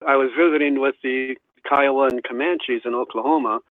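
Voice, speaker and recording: A man's voice: medium pitch, fairly even intonation, a little fast, no echo. Male guest historian, anecdotal storyteller, phone-line sound. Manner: anecdotal, acts out quoted voices. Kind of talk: storytelling in an interview. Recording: dry tinny phone line.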